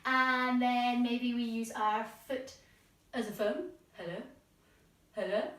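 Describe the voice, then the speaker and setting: A woman's voice: a little high, flat delivery, takes it slowly, fairly bright tone, distant mic. A woman leading a guided children's yoga lesson at home, playful and encouraging, with silly animal noises. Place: room at home with plants. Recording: echoey room, voice off-mic.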